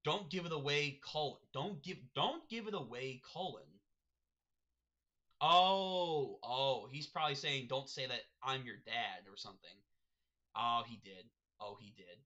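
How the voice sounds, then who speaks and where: A man reacting live to a manga chapter, reading panels aloud with excitable running commentary. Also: mid-range voice, unhurried, muffled recording.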